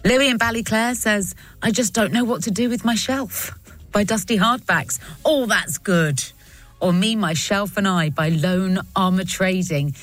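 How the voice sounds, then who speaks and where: Radio host reading listener puns, lively, faint music bed behind. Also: female voice, mid-range voice, no room sound. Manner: lively, playful, reads out puns with quick reactions. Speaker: radio presenter. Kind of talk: upbeat radio chat reading listener texts. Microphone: studio microphone.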